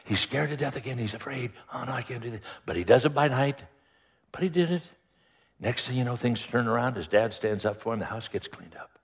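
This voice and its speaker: A male preacher retelling a Bible story in an animated, playful storytelling sermon. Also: medium pitch, a little fast, creaky, breathy edge.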